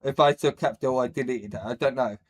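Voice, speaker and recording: A man's voice: mid-range voice, fast talker. A man hosting a reaction video, who rambles bluntly with many fillers and says he has a speech problem. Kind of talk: casual reaction commentary.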